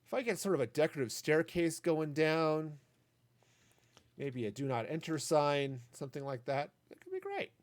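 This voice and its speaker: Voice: medium pitch, sing-song, normal speed. Playful rambling gaming streamer in their 40s. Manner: rambling and playful, making puns and asides. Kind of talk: casual live-stream chat while playing.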